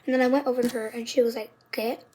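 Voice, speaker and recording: A young girl in fifth grade casually retelling school drama with a high youthful voice and whispered asides, full of "like"s. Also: level tone, racing, warm tone, husky. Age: child, fifth grader. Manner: chatty, dramatic retelling with many "like"s. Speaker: vlogger. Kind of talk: casual storytelling vlog.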